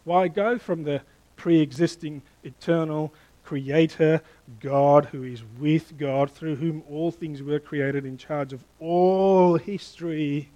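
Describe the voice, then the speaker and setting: Middle-aged male pastor, high voice, lively sermon delivery with quick questions to the congregation. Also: poor audio. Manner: animated, playful with the congregation, asking questions.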